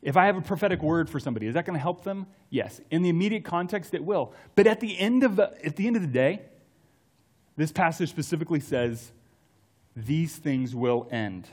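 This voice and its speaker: A man's voice: sits high, animated, fast, husky. Man preaching a casual storytelling sermon. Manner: casual, storytelling, drops to soft tones for emphasis.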